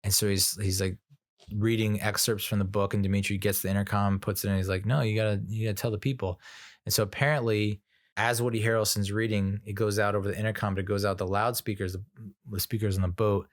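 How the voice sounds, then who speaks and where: A man's voice: fairly low pitch, flat delivery, fast talker, no room sound, studio quality. Rambling casual male movie reviewer. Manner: rambling, laughs often, many fillers and restarts.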